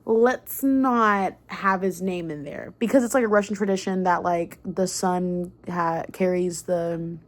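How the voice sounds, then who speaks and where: A young woman recapping a book in a casual, excitable rant, swearing freely and filling her talk with "like" and "um". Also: lowish voice, measured pace, hardly any pauses. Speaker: book vlogger.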